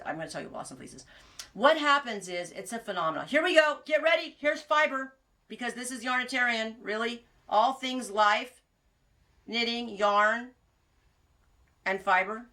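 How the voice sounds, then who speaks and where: A woman's voice: medium pitch, sharp tone. A woman hosting a podcast, chatting casually and rambling through stories, laughing at her own jokes. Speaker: podcast host. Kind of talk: casual chat.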